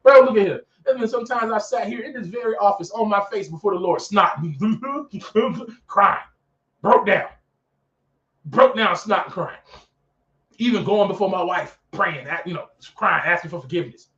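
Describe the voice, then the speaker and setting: This man hosts a talk show podcast in an office, his voice sitting high at a normal speed. He preaches in a relaxed yet animated way, repeats phrases for emphasis, and acts out characters in skits, while a distant mic in the echoey room makes the sound dull.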